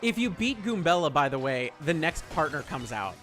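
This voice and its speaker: A man's voice: on the high side, very animated, moderate pace, a bit bright, soft background music. A man streaming a video game, commenting in a profane, jokey way. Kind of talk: gameplay commentary.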